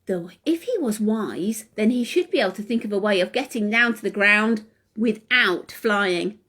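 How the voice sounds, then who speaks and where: Animated, sing-song woman reading to kids. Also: medium pitch, moderate pace, husky. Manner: animated, sing-song, asks children questions. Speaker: children's class leader. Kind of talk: reading a story to young children.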